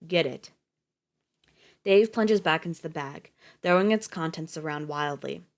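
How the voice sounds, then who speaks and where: A woman narrating a story in a steady, even reading voice. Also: deep voice, normal speed. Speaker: audiobook reader on a livestream.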